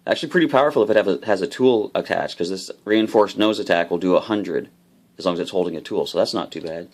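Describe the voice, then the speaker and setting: A man casually opening trading card packs, explaining each card's rules with bursts of excitement. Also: on the low side, a little fast. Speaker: card unboxing host. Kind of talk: casual unboxing commentary.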